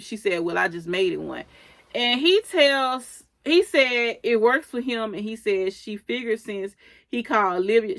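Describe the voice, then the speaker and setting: A woman's voice: medium pitch, fairly bright tone. A woman speaking in gives a loose, chatty recap of a TV episode. She strings the scenes together with "and he said" and "she was like," quoting the characters' lines as she goes. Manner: loose retelling with many "and he said" links and quoted lines. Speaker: recap host.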